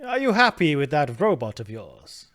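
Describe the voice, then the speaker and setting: A man's voice: a little high, very animated, normal speed, fairly bright tone. A man voicing a dismissive male shopkeeper with a put-on Italian accent, curt and grumbling.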